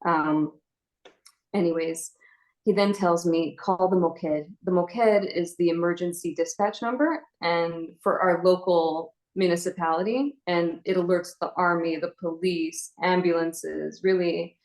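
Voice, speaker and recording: A young adult woman giving an earnest personal testimony as an inspirational speaker, retelling events in a halting way with fillers. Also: lowish voice, darkish tone, rough recording.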